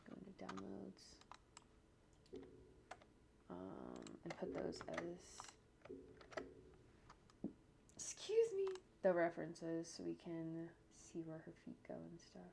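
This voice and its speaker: A woman with a lowish voice narrates her animation work casually as she goes. She thinks aloud, tosses in jokey asides and hums to herself. Faint typing and mouse clicks sit behind her. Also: lively intonation, measured pace, gravelly, noisy background. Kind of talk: casual narration while working on screen. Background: faint computer keyboard typing and clicks.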